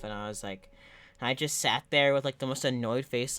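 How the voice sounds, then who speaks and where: A woman co-hosting a podcast, telling a story in casual chat with lively, profane delivery that swings from loud to quiet. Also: normal speed, faint music behind. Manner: animated, profane storytelling, shifting from loud to low. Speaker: podcast co-host.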